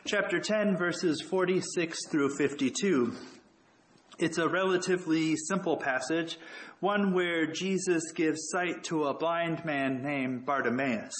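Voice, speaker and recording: A man giving a relaxed, reflective sermon with touches of humor. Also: fairly high pitch, rough recording. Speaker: preacher. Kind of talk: conversational sermon.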